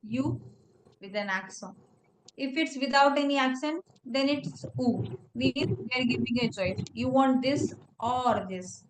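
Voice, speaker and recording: A woman, whose voice sits a little high, teaching French in a one-on-one lesson. She explains patiently and step by step, giving an example for each point. The room echoes, and a faint hiss runs underneath. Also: measured pace. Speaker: French tutor. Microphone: online class.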